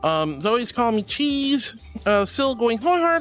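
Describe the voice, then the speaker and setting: A man's voice: very high-pitched, animated, measured pace, faint music behind. A man streaming as a VTuber in casual chat, reading viewer messages aloud and greeting people affectionately with pet names. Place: VRChat stream.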